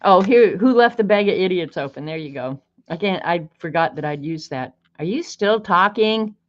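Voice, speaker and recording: A woman's voice: lowish voice, lively intonation, moderate pace. A woman hosting a casual art livestream, chatting, greeting viewers by name and reading snarky sayings aloud. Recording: dull lo-fi stream audio.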